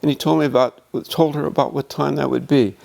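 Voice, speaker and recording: An older man, a museum docent, telling a childhood memory in a halting, emotional way. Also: on the high side, fairly even intonation, vocal fry, darkish tone. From United States. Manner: reminiscing, emotional, halting with restarts. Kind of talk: panel storytelling. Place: museum meeting room.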